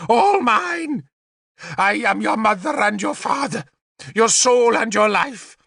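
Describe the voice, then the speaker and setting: A man voicing a cruel, gloating old male druid in an audiobook, with a shrill, gravelly voice and wild swings in pitch. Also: animated, slow, bright, forceful tone, dry recording, clean studio sound, exaggerated voice. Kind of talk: audiobook character voice.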